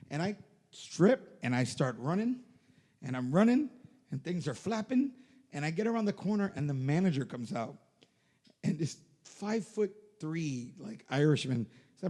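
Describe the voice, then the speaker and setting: Lively, high-voiced podcast co-host man. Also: moderate pace, in a large hall. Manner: animated, swearing, breaks into laughter. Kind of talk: casual storytelling chat. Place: podcast studio.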